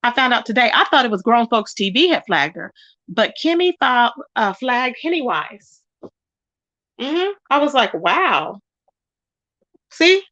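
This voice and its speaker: A woman hosting a casual livestream, gossiping and reading out chat comments in an animated way. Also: measured pace, pauses often, dry recording, lo-fi sound. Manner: animated, quotes people with rising pitch. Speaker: livestream host.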